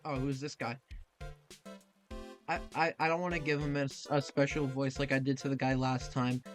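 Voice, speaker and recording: A man's voice: mid-range voice, level tone, moderate pace. A man casually commenting on a game playthrough as a video host, chatty and reacting aloud. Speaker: gaming YouTuber. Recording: game music playing underneath.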